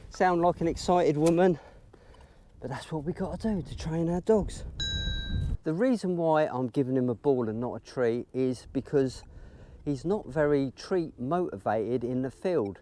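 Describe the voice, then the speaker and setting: A man leads a dog-training lesson out in an open field, talking through each step in a calm, instructive way. His voice is warm and mellow, and it jumps up high and excited whenever he praises the dog. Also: normal speed, no room sound. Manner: explains steps calmly, breaks into high excited praise for the dog. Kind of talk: outdoor training demonstration.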